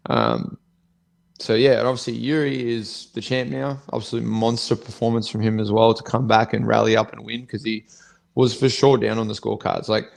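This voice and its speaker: This is a man co-hosting a casual fight podcast. He speaks with a gravelly edge and little rise and fall in pitch. His talk is blunt, sweary and rambling. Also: little pitch movement, moderate pace. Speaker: co-host, fighter.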